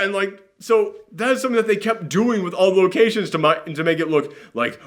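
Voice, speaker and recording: A man's voice: high-pitched, animated, a little fast, hardly any pauses. A man hosting a casual movie reaction chat, ranting sarcastically with lots of fillers.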